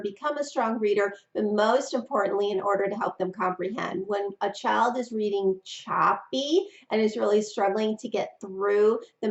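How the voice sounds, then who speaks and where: A woman hosting a teaching video for parents, talking expressively with deliberate pauses and emphasis. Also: medium pitch. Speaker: reading teacher and channel host. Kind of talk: instructional video talk to parents. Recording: roomy, slightly dull recording.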